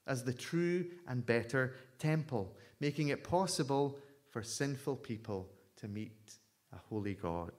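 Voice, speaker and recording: A man preaching a sermon in a measured, emphatic way, at times reading a story aloud. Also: mid-range voice, darkish tone.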